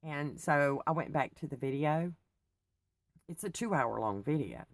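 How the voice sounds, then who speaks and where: A middle-aged faith vlogger, wired on coffee after little sleep, chats in a rambling, digressive way about personal things and laughs often. Her voice is low-pitched and animated, at a measured pace, with no echo.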